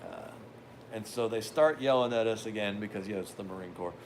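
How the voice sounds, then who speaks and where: Older male podcast host, lowish voice, loose and rambling anecdotal delivery with dry asides, faint background noise. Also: fairly quick. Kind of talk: casual storytelling.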